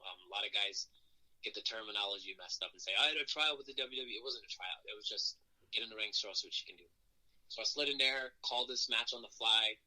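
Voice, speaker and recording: Man, lowish bright voice, animated storyteller, interview guest. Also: fast, poor audio. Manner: animated, acts out quotes in raised voices. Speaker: wrestler guest.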